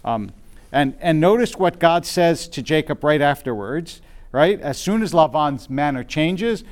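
A man's voice: fairly high pitch, expressive, a little slow. A man teaching a Bible class to a live group, thinking aloud with frequent fillers and restarts and often checking in with his listeners.

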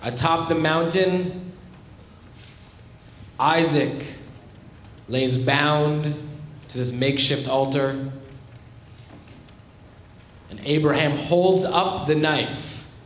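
A man preaching a sermon, telling the story in a slow, measured, dramatic way. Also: fairly high pitch, fairly bright tone, slight background noise. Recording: roomy echo.

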